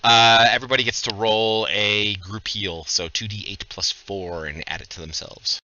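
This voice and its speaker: A man running a livestreamed tabletop game as game master, casual and joking as he gives quick instructions over voice chat. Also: fairly low pitch, steady tone, pushed and bright, dry recording, dull audio.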